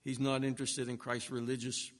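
A man preaching an expository sermon, speaking emphatically and building to forceful peaks. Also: medium pitch, monotone, a little fast. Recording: long reverb of a large hall.

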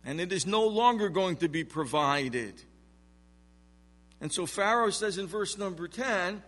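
A man's voice: high-pitched, animated, a little slow, fairly bright tone, long reverb tail. A man preaching an expository sermon in a church sanctuary, emphatic, with rhetorical questions. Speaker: pastor.

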